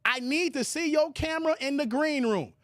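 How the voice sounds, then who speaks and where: A male live stream host, talking casually and greeting his chat by name. His delivery is animated and loose, with quick laughs and emphatic runs. The sound is dry and close, with no room around it. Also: extremely high pitch, dry recording. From United States.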